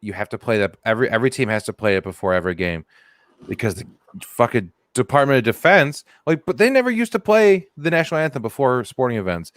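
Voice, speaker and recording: A man's voice: medium pitch, lively intonation, fast talker, dry recording, clean studio sound. A man co-hosting a comedy podcast, chatting casually and sarcastically, with jokey mock-formal reading and swearing. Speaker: podcast co-host.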